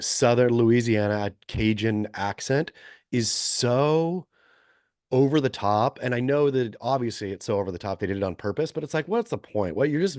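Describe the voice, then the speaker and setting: A man's voice: fairly low pitch, a little mellow, no room sound, clean studio sound. A man in his forties co-hosting a podcast, chatting casually and rambling through opinionated asides with frequent self-corrections. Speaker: podcast co-host. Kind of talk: casual chat.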